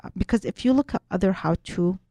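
A woman's voice: mid-range voice, animated, quick pace, warm tone, no echo. A woman being interviewed as a guest, explaining her teachings earnestly and often restarting her sentences. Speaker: guest, writer and spiritual workshop teacher.

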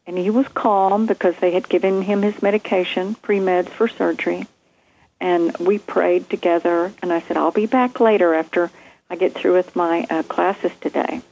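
A woman, a former nurse, telling a vivid story from her training in a lively conversation. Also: on the low side, creaky, dull audio. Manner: animated, vivid storytelling with acted quotes. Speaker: guest, nurse.

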